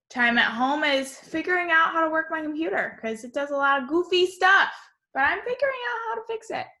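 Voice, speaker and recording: A woman teaching young children a remote lesson from home on her computer, upbeat and encouraging, speaking slowly and clearly. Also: high-pitched, pushed and bright.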